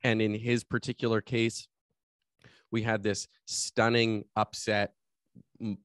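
A man's voice: on the low side, level tone, slow, a bit bright, dry recording, studio quality. A man hosting a podcast, also a coach, talking with enthusiasm in long flowing thoughts. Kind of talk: casual interview chat.

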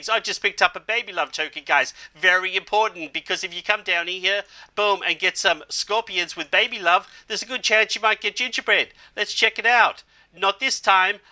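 A man hosting a game walkthrough video, talking energetically, calling out "guys" constantly and punctuating with quick exclamations. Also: a little high, sharp tone. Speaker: gaming channel host. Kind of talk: excited game walkthrough commentary.

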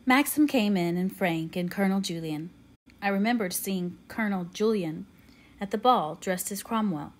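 A woman narrating an audiobook in a measured, quiet, steady way. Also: medium pitch. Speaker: audiobook reader.

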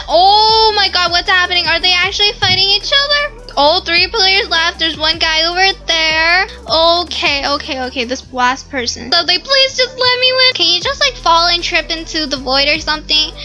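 A woman giving excitable gameplay commentary, full of startled exclamations and giggles. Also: extremely high pitch. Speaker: gaming YouTuber.

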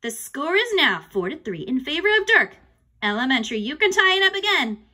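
A woman voicing an excitable grown man hosting a school quiz, announcing in a bouncy way. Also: sits high, fairly quick, voice pushed up, full character voice. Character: excitable adult male quiz host.

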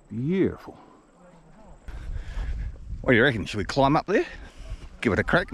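Lively, chatty male travel vlogger. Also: mid-range voice, normal speed, long pauses, husky. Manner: enthusiastic, chatty, talks to viewers. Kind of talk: casual walking vlog. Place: outdoors among rocks.

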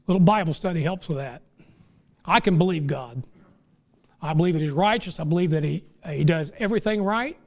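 A middle-aged pastor preaches from the pulpit in a voice that is notably high for a man, and he talks briskly. His delivery is folksy and plainspoken, then rises into fervent, impassioned crescendos.

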